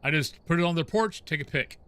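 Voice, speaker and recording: Rambling, bright-voiced man streaming. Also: fairly high pitch, normal speed. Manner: rambling, talks to chat and to the game's ghost. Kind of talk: casual chat with stream viewers while gaming.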